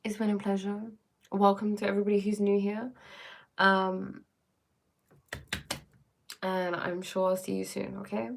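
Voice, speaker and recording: Gravelly-voiced woman musing on a livestream. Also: mid-range voice, level tone, measured pace, long pauses. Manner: reflective, musing, breaks off mid-sentence. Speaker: livestream host. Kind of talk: casual livestream chat answering viewer comments.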